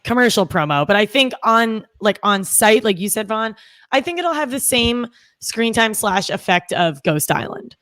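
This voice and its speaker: A woman's voice: a little high, expressive, moderate pace, a bit bright, no room sound. A woman with a Boston accent talking casually as a podcast co-host. She starts her sentences hesitantly and uses plenty of fillers. The recording is dry and close, with no room sound.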